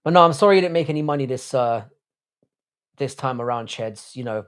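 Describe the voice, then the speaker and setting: A man's voice: medium pitch, expressive, brisk, a bit bright, smooth. Man, livestream host, casual, rambling, sweary, lots of restarts. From Ireland. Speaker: podcast host.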